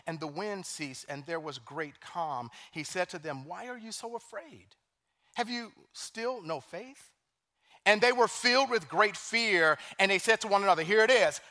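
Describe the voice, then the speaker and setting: A male pastor delivering a sermon in a high, bright voice. He is animated, dropping to a hush for scripture quotes and rising to loud emphasis on his points. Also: normal speed. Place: church sanctuary.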